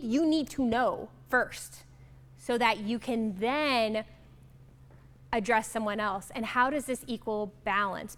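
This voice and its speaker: A woman facilitating a workshop, upbeat and affirming as she draws answers from the group. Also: on the high side. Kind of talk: interactive workshop talk.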